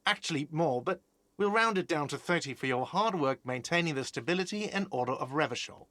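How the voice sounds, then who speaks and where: A sarcastic, curt hostel manager. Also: male voice, on the high side, expressive, fairly quick, fairly bright tone, no room sound. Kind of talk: game voice acting.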